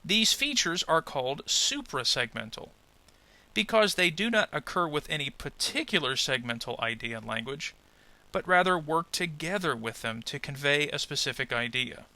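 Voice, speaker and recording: Lively, bright-voiced male pronunciation teacher. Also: on the high side. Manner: clear, deliberate, over-articulates example words. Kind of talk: scripted lesson voice-over.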